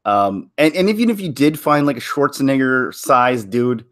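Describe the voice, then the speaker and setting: Man, from Canada, vlogger, casual solo commentary, rambling, chuckling, medium pitch. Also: expressive, moderate pace, a bit bright. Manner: rambling, chuckling, many restarts.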